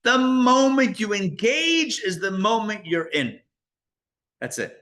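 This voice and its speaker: A rabbi teaching a live class, with a bright, forceful voice pitched a little above most men's. He talks in an animated, conversational way, throwing out rhetorical questions and quick asides to the room. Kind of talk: live Torah class lecture.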